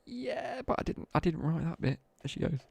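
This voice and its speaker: A man's voice: a little high, fairly even intonation, quick pace, a little mellow. A young man chatting casually as a streamer, telling a rambling story with asides while he plays a game. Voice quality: gravelly, husky. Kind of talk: casual chat while gaming.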